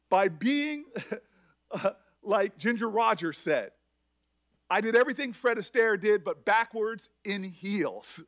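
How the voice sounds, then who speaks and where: A middle-aged man speaking at a hearing as a senator, emotional and halting, often restarting his sentences. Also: high-pitched, fairly bright tone. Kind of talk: emotional public address.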